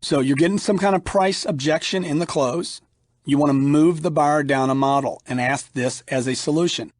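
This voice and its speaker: Middle-aged male sales trainer, emphatic, acts out customer lines, slightly high voice, dry close mic. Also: moderate pace, dry recording. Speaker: sales trainer reading his audiobook. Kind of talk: instructional audiobook narration.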